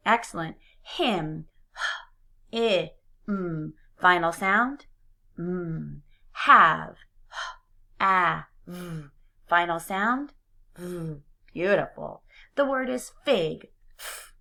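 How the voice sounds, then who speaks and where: A woman teacher drills phonics with young children, pronouncing each word slowly and with care. Her voice has a gravelly edge and a bright, sharp tone, and it sits somewhat low. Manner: slow, clearly enunciated drilling of words and sounds.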